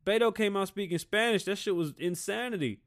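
A man in his thirties from Puerto Rico, hosting his show with a blunt and heated rant, loaded with swearing. His voice sits a bit high for a man and keeps an edge of exasperation throughout. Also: fairly quick, fairly bright tone. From Puerto Rican. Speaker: podcast host. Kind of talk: casual profane rant.

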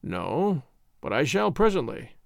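A calm, cunning spy speaks low and quiet, with a dry, sarcastic edge, as a narrator plays him. His tone stays placid and unhurried. The storybook reading sounds close and dry. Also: gravelly, no room sound. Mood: coolly sarcastic.

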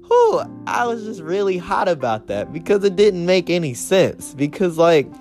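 A man hosts a casual solo podcast rant, swearing freely. He paces a small closed room, and his voice leaps higher whenever he gets worked up. Faint music plays underneath. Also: wildly swooping pitch, normal speed, few pauses, darkish tone. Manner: profane, heated ranting with big pitch jumps. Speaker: podcast host.

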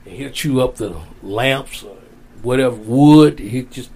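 A man's voice: medium pitch, measured pace, a little mellow. A man as an interview guest, telling a long personal story in a casual, rambling way, repeating his phrases. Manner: rambling, repeats phrases, folksy Southern-style speech.

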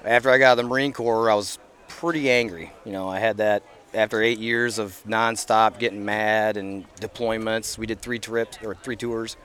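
A man's voice: fairly low pitch, steady tone, moderate pace, few pauses, a bit bright. Earnest rambling man outdoors. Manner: earnest, rambling, many fillers. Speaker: podcast guest. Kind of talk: casual interview chat. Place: outdoors at an event.

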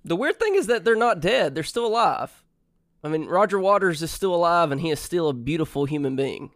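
A man co-hosting a casual podcast, reacting quickly and chatting. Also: a little high, lively intonation, fairly bright tone, no echo, clean studio sound. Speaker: podcast co-host.

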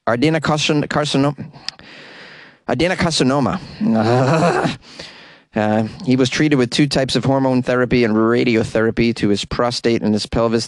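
A man's voice: lowish voice, no room sound. A man hosting a podcast, casually reading odd news stories and stumbling over hard words. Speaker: podcast host.

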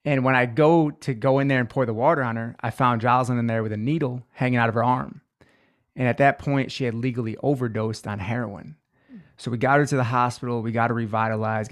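A man in his twenties, a guest in an interview, telling his life story in an earnest, emotional way, slowing down on the heavy moments. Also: mid-range voice.

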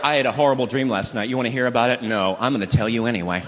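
A stand-up comedian performs live in a large hall, talking very fast in a mid-range voice over a noisy background. He acts out both sides of married bickering with big comic outbursts, and the live club recording catches the crowd laughing.

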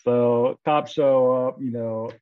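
A man's voice: mid-range voice, steady tone, slow, smooth, phone-quality sound. A man in his thirties from Florida, a guest author telling a story casually and animatedly, acting out the voices of the people in it, with many fillers. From Florida, USA.

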